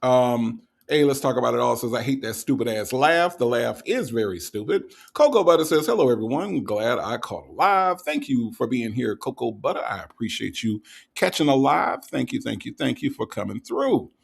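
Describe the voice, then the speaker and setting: Gravelly man hosting a mocking live chat. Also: mid-range voice, expressive, moderate pace. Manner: mocking, laughs often, repeats himself. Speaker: livestream host reading chat. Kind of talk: casual live commentary.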